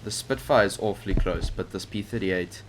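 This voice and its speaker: Over background game noise, a young gaming channel host rambles hesitantly through commentary on his flight game footage, using many fillers. He has a deep voice and speaks at a moderate pace.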